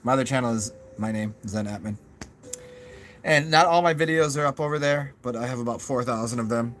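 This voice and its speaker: Casual male host with a mid-range voice, thinking out loud in a halting ramble with a faint hiss behind him. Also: mid-range voice. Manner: musing, halting, many fillers and restarts; goofy, self-mocking asides. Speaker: channel host. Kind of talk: rambling live chat with viewers.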